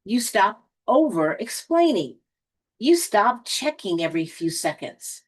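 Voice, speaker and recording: A woman giving a spiritual motivational talk, speaking deliberately with dramatic pauses and a touch of sarcasm. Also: mid-range voice, big pitch swings. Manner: lightly sarcastic.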